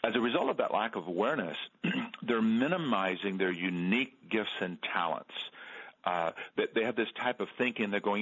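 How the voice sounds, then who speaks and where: Middle-aged guy on a radio interview, husky, keeps restarting his words, kinda muffled lo-fi sound. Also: fairly low pitch, expressive, a bit bright. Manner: halting, repeats words, earnest storytelling. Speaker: author guest.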